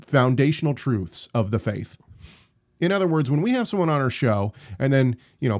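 A man's voice: medium pitch, a little mellow. A young man co-hosting a casual live-streamed podcast, talking in emphatic, rambling runs with frequent restarts. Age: young adult. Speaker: podcast co-host.

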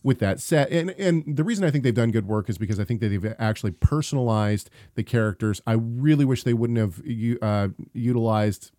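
A man in casual podcast chat, an animated storyteller who laughs often and restarts his sentences. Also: mid-range voice, a little fast, few pauses, no room sound, clean studio sound. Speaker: podcast co-host.

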